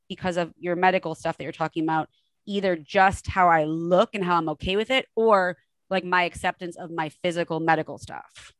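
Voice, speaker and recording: A woman hosting a podcast, talking fast and enthusiastically in casual chat. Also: fairly low pitch, fairly bright tone, dry recording. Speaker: podcast host.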